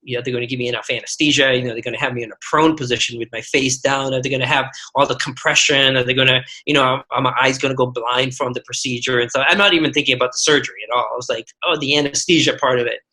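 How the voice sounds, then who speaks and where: An earnest man in his forties talks through his own stories as a podcast guest. His voice is bright and forward, and he often restarts his sentences as he works toward his point. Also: medium pitch, steady tone, quick pace, few pauses, poor audio. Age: 40s. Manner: earnest, storytelling with many restarts. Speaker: guest physician. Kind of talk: podcast interview.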